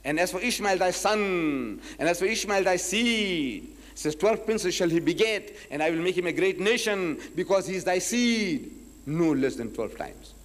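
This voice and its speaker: A man from South Africa giving a public lecture as a Muslim preacher, telling stories with acted-out dialogue and slowing down to quote scripture. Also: high voice, big-room sound. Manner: animated storytelling, acts out dialogues, slows to quote scripture.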